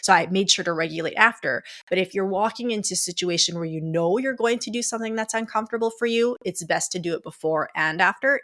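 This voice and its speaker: A woman's voice: on the low side, vocal fry, a bit bright. A woman hosting a coaching podcast, talking casually and directly to her listeners, with lots of "like" and "you know". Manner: chatty, addresses listeners as "guys", many "like" fillers. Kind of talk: casual solo podcast monologue.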